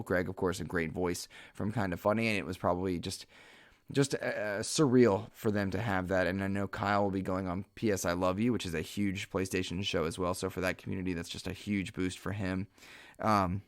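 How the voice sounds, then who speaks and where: A man's voice: fairly low pitch, no echo, studio quality. A man hosting a solo gaming podcast, talking in an earnest, heartfelt way with many fillers and restarts. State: slightly emotional. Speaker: podcast host.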